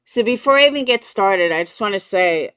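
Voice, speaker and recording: A chatty woman hosts a live stream, greeting viewers by name as she talks. Her pitch bounces around a lot, and her voice sounds dry and close, with no room echo. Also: animated, a little fast, a bit bright, smooth. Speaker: livestream commentary host.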